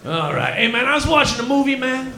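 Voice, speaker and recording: A man's voice: very high-pitched, sing-song, quick pace, gravelly, bright, forceful tone, full character voice. A man voicing a crude, stoned male Texan cobra with a put-on Texan drawl, rambling and whooping in a live stand-up character bit. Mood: stoned rowdy. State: claims to be high, cotton mouth. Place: comedy lounge stage, live. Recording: roomy live club room.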